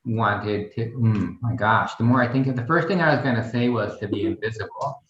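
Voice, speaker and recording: A middle-aged man talks as a podcast guest in a casual, rambling way and acts out bits of a joke. His voice sits at an ordinary pitch. It has a roomy echo and a dull, lo-fi sound. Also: brisk, slight background noise. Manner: chatty, rambling, telling a joke with acted bits. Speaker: guest, garden vice president. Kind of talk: casual interview chat.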